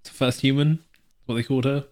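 A man's voice: medium pitch, fairly even intonation, a little fast, darkish tone. A man co-hosting a podcast, rambling casually with frequent laughs and restarted words. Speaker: podcast co-host. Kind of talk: casual chat.

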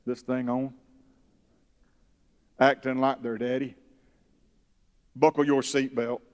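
Pastor preaching in a reverberant hall. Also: male voice, medium pitch, level tone, slow pace, clear, resonant tone. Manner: preaching with bursts of loud emphasis and scripture reading. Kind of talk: sermon. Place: church sanctuary.

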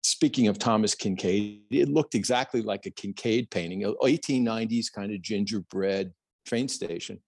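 A middle-aged man with a husky, slightly breathy voice tells a story on a podcast. He is animated and acts out the voices of others. The sound is dry and close. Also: on the low side, normal speed, dry recording. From New Jersey, United States. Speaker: plein air painter, guest.

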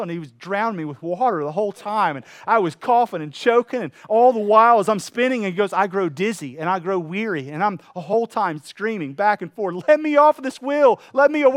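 A man preaching a sermon to a room, telling a parable with lively acted-out voices. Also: high-pitched, no room sound, studio quality. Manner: animated storytelling, acting out voices. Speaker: pastor. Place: room with an audience.

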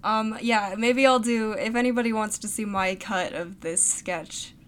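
A woman's voice: medium pitch, fairly even intonation, a little slow, clean tone. A woman co-hosting a casual podcast, chatting about comedy sketches, laughing often and trailing off with ums. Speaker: podcast co-host.

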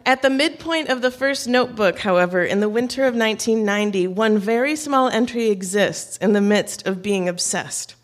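A woman's voice: medium pitch, moderate pace, few pauses. Woman telling a wry personal story. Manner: wry and self-mocking, with light laughs. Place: on stage before an audience.

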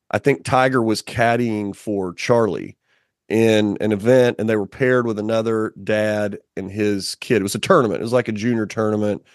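A man's voice: on the low side, dry recording, clean studio sound. A man in casual conversation, a podcast guest who tells stories animatedly with lots of fillers. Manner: animated storyteller, many fillers.

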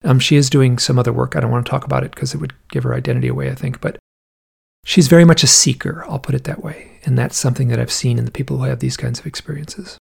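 Man, casual storytelling, animated, rambling, gravelly voice, husky. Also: mid-range voice, fast talker. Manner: animated, vivid, rambling with restarts.

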